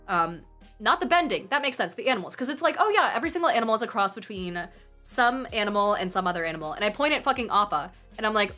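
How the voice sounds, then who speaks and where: A woman's voice: medium pitch, fast talker, faint music behind. Swearing, rambling young woman streamer. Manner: animated, swears freely, rambling rants. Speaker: live streamer. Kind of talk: casual chat with viewers. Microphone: phone mic.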